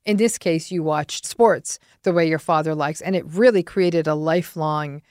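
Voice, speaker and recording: A woman hosting a podcast interview, reflecting back on a guest's story in a measured, analytical way. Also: low voice, a little mellow, no room sound, studio quality. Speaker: podcast host and psychologist.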